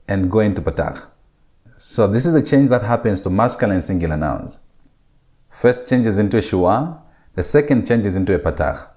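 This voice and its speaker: A man lecturing on Hebrew grammar over slides, his voice sitting a little low. He goes through each rule step by step, numbering the steps and repeating the important points so they stick. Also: darkish tone.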